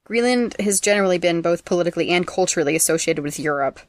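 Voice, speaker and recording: A fairly low-pitched woman hosts a trivia podcast. She reads out facts briskly and teases her co-host between them. The sound is dry and close to the mic. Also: animated, dry recording. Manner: brisk and teasing, reads facts aloud, laughs often. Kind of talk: casual trivia chat, reading facts.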